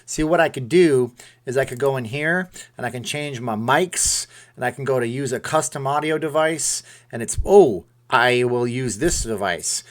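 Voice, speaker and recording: At normal speed and in a mid-range voice, a man runs a casual live stream from home, talking into a desk mic in front of a webcam. He's chatty and jokey, rambling in asides to his viewers.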